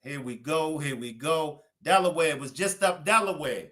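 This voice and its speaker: A man's voice: fairly high pitch, normal speed, pushed and bright. Chatty Baltimore man hosting a stream. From Baltimore, USA. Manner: chatty, greeting viewers by place. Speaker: live stream host. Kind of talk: casual live stream shout-outs.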